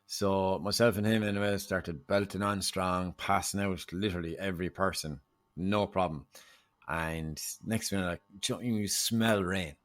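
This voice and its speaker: A man's voice: low voice, fairly even intonation, normal speed, a bit bright. An Irish man, a podcast guest, telling a story in casual chat and acting out the dialogue. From Ireland.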